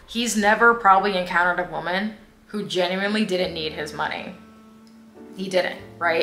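A woman's voice: fairly low pitch, normal speed, bright, forceful tone. A woman vlogger telling a casual storytime in a sassy, blunt way with asides to her viewers. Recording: echoey room, faint music.

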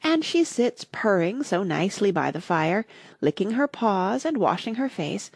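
Woman doing a chatty curious little girl, polite, breathy, lively ups and downs. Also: medium pitch, no echo, clean studio sound, exaggerated voice. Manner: eager, rambling, quick to apologize.

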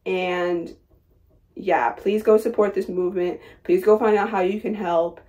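A woman's voice: mid-range voice, fairly even intonation, measured pace, dark tone. A young woman vlogger ranting to camera, impassioned and hurt, repeating her phrases and trailing off into sad fillers. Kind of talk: emotional personal rant to camera.

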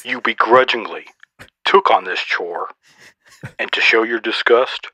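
A man's voice: on the low side, a little slow, sharp tone, no room sound. A man voicing a boastful, snarky old male Santa Claus, roasting people in a mock-stern way for a comedy podcast sketch.

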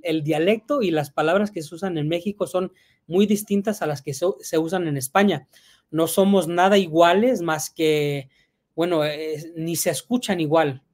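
A man's voice: a little high, darkish tone. A man answering viewer questions on a casual live stream, reading questions aloud and rambling a little, sometimes switching into Spanish. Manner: rambling, reads out chat questions, mixes in Spanish.

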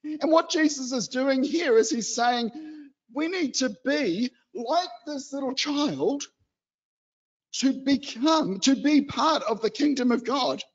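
A man from New Zealand giving an animated, chatty exhortation in a church hall. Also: very high-pitched, slow pace, lo-fi sound. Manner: chatty and animated, acts out excited children. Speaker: lay preacher.

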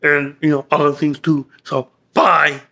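A man's voice: a little high, flat delivery, unhurried, bright, forceful tone, exaggerated voice. A man playing an angry, cursing patient. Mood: defiant. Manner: cursing, insulting, short-tempered. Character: angry young man, crude, hot-tempered. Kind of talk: comedy skit.

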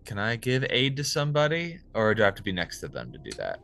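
A man playing an online tabletop game, energetic and playful, declaring his attacks with gusto and the odd swear. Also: lowish voice, fast talker, vocal fry. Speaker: player.

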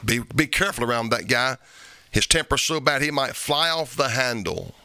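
A male pastor preaching a sermon, reading scripture aloud in old-fashioned wording and punching repeated phrases with sharp rises. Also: medium pitch, animated, normal speed, smooth, no room sound.

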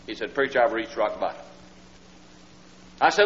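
A man's voice: mid-range voice, animated, fairly quick, long pauses. Male preacher, folksy storytelling sermon, acts out his characters, old lo-fi LP sound, long hall reverb. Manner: folksy storyteller who acts out the people in his story, rising to loud pleading.

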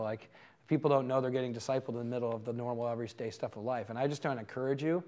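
A man giving a conversational teaching talk to a live audience, telling stories in an earnest way. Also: medium pitch. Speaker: conference speaker.

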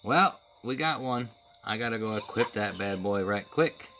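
A man's voice: fairly low pitch, expressive, moderate pace, background noise. A man giving casual running commentary while opening crates and playing a game, talking to himself. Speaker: gaming video creator.

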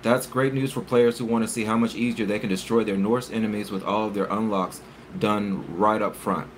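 A man's voice: on the low side, steady tone, fairly quick, a little hiss or hum. A man hosting a casual live stream, chatting with viewers and reading articles aloud with stumbles and self-corrections.

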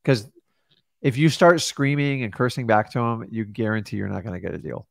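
A man coaching in casual talk, telling animated stories and acting out what people said. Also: on the low side, a little fast, creaky, no echo, clean studio sound. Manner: animated storyteller acting out quotes. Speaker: real estate coach. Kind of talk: casual mentoring advice.

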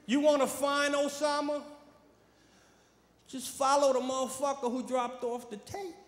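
A man from New York with a New York accent doing a brash, profane stand-up comedy set, swinging from muttering to shouting. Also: very high voice, steady tone, unhurried. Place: large comedy venue with a live audience. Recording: echoey hall with crowd noise.

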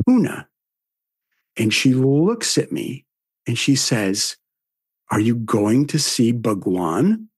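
Slow-spoken man in his sixties, lilt. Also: medium pitch, no echo, clean studio sound. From American South. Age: 60s. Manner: animated storyteller, acts out quoted dialogue. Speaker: podcast speaker. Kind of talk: storytelling reflection.

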